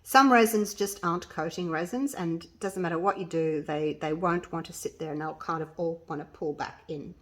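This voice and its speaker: A woman's voice: on the low side, moderate pace, hardly any pauses. Chatty woman crafting on camera. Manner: chatty, talks to viewers while working, often trailing off and restarting. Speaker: resin craft channel host. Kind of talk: casual tutorial vlog. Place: home craft workspace.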